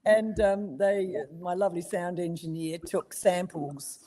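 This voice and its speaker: An Australian voice actress in a casual interview, telling stories with ready laughter and plenty of ums and restarts. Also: female voice, on the low side, a little slow. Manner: warm storytelling, laughs easily, many ums and restarts. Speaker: voice actress guest.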